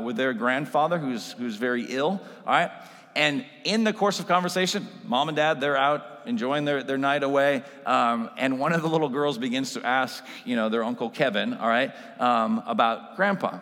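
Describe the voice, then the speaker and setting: A male pastor delivering a sermon in an easy, conversational way, mid-pitched and often checking in with his listeners. His voice carries the long reverb of a church sanctuary. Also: a little fast, a bit bright. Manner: conversational preaching with frequent tag questions.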